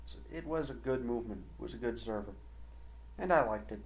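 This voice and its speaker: A man's voice: medium pitch, a little fast, roomy sound. An American man chatting casually on a livestream. He rambles, and he drifts into broken French and Dutch. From United States. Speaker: livestream host.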